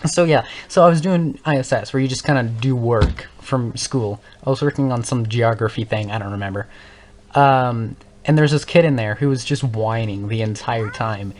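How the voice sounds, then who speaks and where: A man's voice: medium pitch, normal speed, a little hiss or hum. Rambling teenage boy telling a story. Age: young teens. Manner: rambling, self-correcting, laughs often. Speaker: gaming channel host. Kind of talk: casual storytelling monologue.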